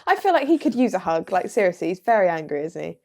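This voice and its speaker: A woman's voice: lowish voice, big pitch swings, quick pace, darkish tone, slight background noise. A woman in her twenties co-hosting a podcast in casual chat, teasing and laughing often. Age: 20s. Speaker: podcast co-host.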